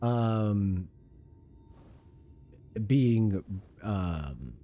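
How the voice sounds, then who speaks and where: A man's voice: on the low side, animated, extremely slow, mellow, faint music behind. A man from Europe giving playful, chatty commentary as he streams a game, laughing at his own jokes. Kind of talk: casual gameplay commentary.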